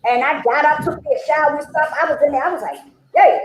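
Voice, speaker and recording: A woman's voice: high voice, fast talker, reverberant, slight background noise, low-quality recording. A woman sharing her personal recovery story at a meeting, chatty and conversational, acting out the dialogue she quotes and often checking in with "okay?" and "you know?".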